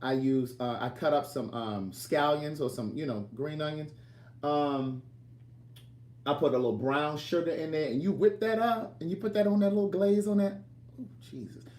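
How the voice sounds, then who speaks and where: A man's voice: on the high side, normal speed, darkish tone, roomy sound. A man hosting a casual cooking livestream from his home kitchen, chatting and teasing viewers as he reads their comments aloud.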